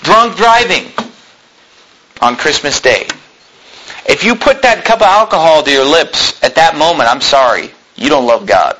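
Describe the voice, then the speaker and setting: A middle-aged man preaching a sermon, reading scripture aloud and swinging between loud emphatic peaks and low asides. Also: expressive, measured pace, breathy edge, poor audio. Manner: reads scripture aloud in King James wording. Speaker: pastor.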